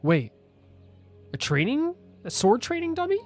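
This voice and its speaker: Excitable gameplay commentator. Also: high voice, measured pace, faint music behind. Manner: excitable, gushing, talks over the game. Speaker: gaming streamer.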